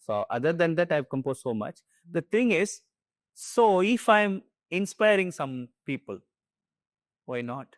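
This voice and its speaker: A man's voice: fairly high pitch, sing-song, measured pace, no echo. Man, indian english accent, middle-aged, earnest storyteller, restarts often, dry close sound. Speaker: dance composer and guru. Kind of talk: conversational interview.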